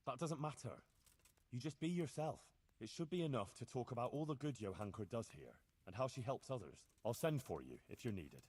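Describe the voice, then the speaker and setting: A man's voice: mid-range voice, lively intonation, brisk, a little mellow, slightly rough. An actor playing a loyal, determined young man who talks in a plain, direct way. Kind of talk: video game voice acting.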